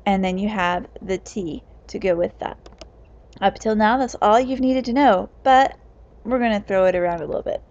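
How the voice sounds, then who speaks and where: A woman teaching as a Latin teacher, talking slowly and stressing each word ending. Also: medium pitch, a little mellow. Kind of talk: classroom explanation. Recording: dull lo-fi recording.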